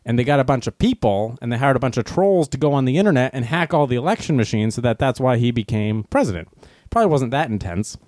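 A man's voice: mid-range voice, animated, fast, darkish tone, dry recording, clean studio sound. A man on a livestream chatting casually to his viewers, rambling through a story, correcting himself and acting out the people in it. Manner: acts out quoted voices.

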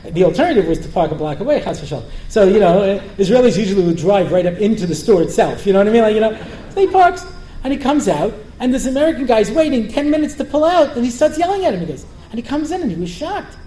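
A man's voice: very high voice, animated, quick pace, dark tone. A man giving a humorous Torah lecture as a rabbi, joking and often asking the audience questions. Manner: joking, asks the listeners questions again and again. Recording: roomy hall with faint noise.

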